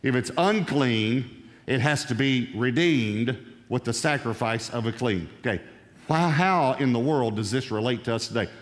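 A man's voice: mid-range voice, lively intonation, normal speed. Man, preacher, Bible teaching, explanatory, long hall reverb. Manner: explanatory, emphatic on key phrases. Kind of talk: sermon, expository Bible teaching.

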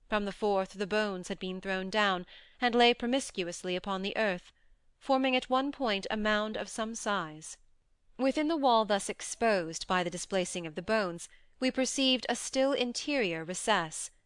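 A woman narrating a classic short story as an audiobook, in measured, steady storytelling. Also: mid-range voice, smooth, dry recording. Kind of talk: scripted narration.

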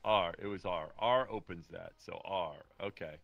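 A man's voice: low voice, moderate pace, creaky, no echo, highs cut off, soft background music. A male guest on a livestream, thinking aloud as he fumbles with the controls of a VR game. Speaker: guest, company executive. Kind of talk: casual chat on a livestream.

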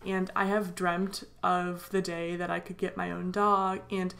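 A tired young woman vlogger in a casual voiceover, rambling excitedly with lots of fillers. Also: on the low side, measured pace, creaky. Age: young adult. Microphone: voiceover mic.

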